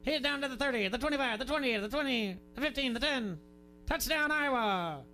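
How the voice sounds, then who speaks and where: A man imitating an old-time radio football announcer calling a touchdown run, his voice climbing high and excited. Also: fairly quick, soft background music, heavily acted. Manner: excited rising play-by-play call.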